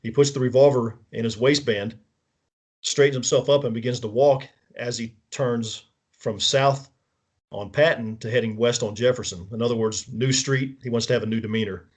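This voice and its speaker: Male guest, mid-pitched voice, unscripted step-by-step retelling, frequent restarts. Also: fairly even intonation, moderate pace, darkish tone. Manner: detailed step-by-step recounting, checks in with the listener; frequent restarts and self-corrections. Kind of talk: casual spoken walkthrough of events.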